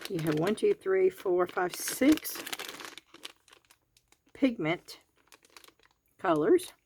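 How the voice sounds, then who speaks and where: Speaking extremely slowly in a medium-pitched, darkish voice with lively intonation, a crafting video host with a Southern US accent reviews a craft kit live from her home garage. She chats homespun-style and counts the items aloud, over slight background noise.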